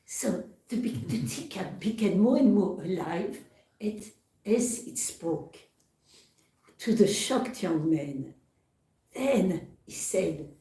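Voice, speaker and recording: A woman giving a devotional talk in a temple hall, telling a parable slowly with halting repeats. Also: on the low side, lively intonation, warm tone. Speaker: temple speaker. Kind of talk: devotional storytelling lecture. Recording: echoey hall, far from mic.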